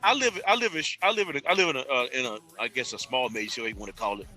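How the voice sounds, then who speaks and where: Male panelist, quick and piercingly bright, emphatic with many restarts. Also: mid-range voice, faint music behind. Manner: emphatic, stumbles and restarts while arguing. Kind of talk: casual debate chat.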